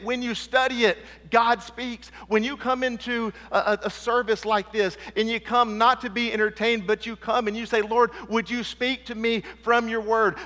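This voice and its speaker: A man preaching a sermon in a church sanctuary, his voice high and bright. He is emphatic, asks the congregation for "amen," and sinks low and quiet to drive home a point. A long reverb hangs after his words.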